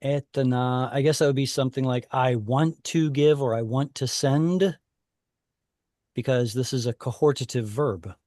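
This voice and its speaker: A man teaching a Hebrew class online over a video call, explaining patiently and thinking aloud with pauses. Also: mid-range voice, warm tone, dry recording, studio quality.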